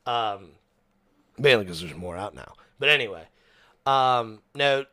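Excitable swearing young man, bright voice. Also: mid-range voice, unhurried, no room sound. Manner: animated, swears a lot, acts out quotes. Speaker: podcast host. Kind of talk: casual chat.

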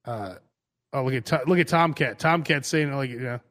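A man, co-hosting a casual comedic chat show, telling an animated story full of acted-out quotes and frequent laughter. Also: medium pitch, normal speed. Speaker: podcast host.

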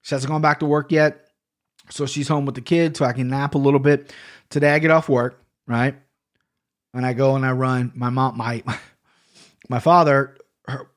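Rambling, profane man hosting a podcast. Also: medium pitch. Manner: rambling, profane, excitable, many restarts. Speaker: podcast host. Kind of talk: casual solo podcast monologue.

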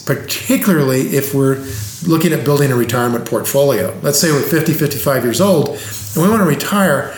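A man who explains investing plainly, like a teacher, with everyday examples in a casual conversation. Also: medium pitch. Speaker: investing expert. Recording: roomy echo.

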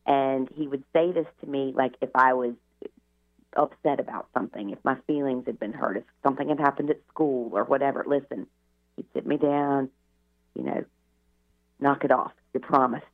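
A woman's voice: a bass voice, steady tone, moderate pace. A middle-aged woman, a radio interview guest, telling her life story in a chatty way, full of "you know" asides. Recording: tinny phone line on radio.

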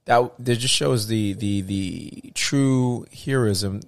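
A man's voice: on the low side, slow, vocal fry, a little hiss or hum. A man from the United States talking animatedly in a casual conversation, often restarting his sentences and acting out what others said.

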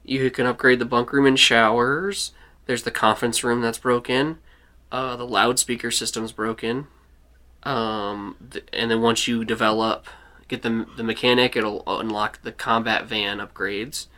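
Bright-voiced young male game master. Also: mid-range voice, measured pace. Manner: relaxed, many fillers and restarts. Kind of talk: narrating a tabletop game.

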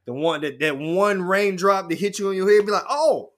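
A man's voice: high-pitched, brisk. A man who is a guest on a casual podcast, telling stories animatedly and acting out other people's voices. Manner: animated storyteller, acts out voices. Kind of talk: casual chat.

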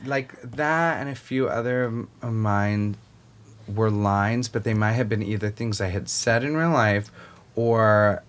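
A man's voice: fairly low pitch, a little slow. A young adult man, an actor guest, chatting casually on a podcast and rambling with many restarts and fillers. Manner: rambling, restarts, lots of likes.

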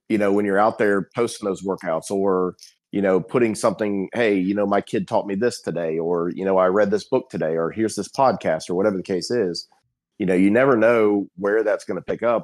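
A man's voice: fairly low pitch, darkish tone. A middle-aged man, a guest firefighter captain, talking casually on a podcast over a remote call, rambling with many restarts and fillers.

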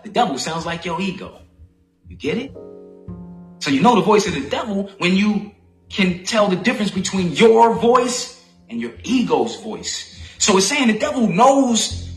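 A man's voice: a little high, fairly bright tone, echoey room. A man giving a casual, profane sermon in street slang, reading scripture aloud and calling for responses. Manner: slangy, preachy, call-and-response. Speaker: street preacher.

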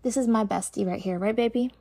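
A woman's voice: on the high side, quick pace, creaky, mellow. A woman co-hosting a relationship podcast with her partner, talking in a casual, playful and teasing way. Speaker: podcast co-host. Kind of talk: casual couple's podcast chat.

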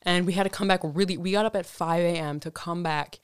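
A woman's voice: on the low side, steady tone, a little fast, clean tone, no room sound, studio quality. A young woman telling a college story in casual chat, swearing often and full of fillers. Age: young adult.

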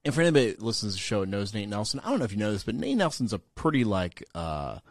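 Talking very fast in a lowish, sing-song voice, a former radio DJ co-hosting a podcast tells a long, laid-back story full of filler words and some swearing. There's no room sound.

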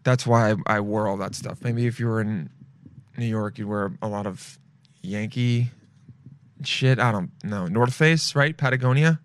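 A man's voice: lowish voice, moderate pace, clean tone, no echo. A young man from Los Angeles hosting a podcast, with a sniffly nose, rambling casually and swearing freely. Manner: rambling, swears freely, calls listeners "dude". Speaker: podcast host. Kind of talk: casual solo chat.

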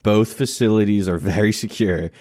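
A man's voice: lowish voice, normal speed, no room sound, clean studio sound. A man co-hosting a podcast, casually recapping a TV episode and acting out the scenes. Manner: animated recapping, acts out scenes. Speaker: podcast co-host. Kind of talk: casual chat.

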